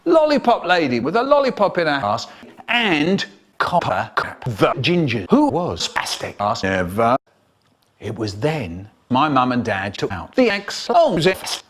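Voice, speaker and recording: In a slightly high, husky voice, a man animatedly narrates a children's tale full of vocal sound effects. The clip is a choppy comedy remix, so his words stutter and repeat.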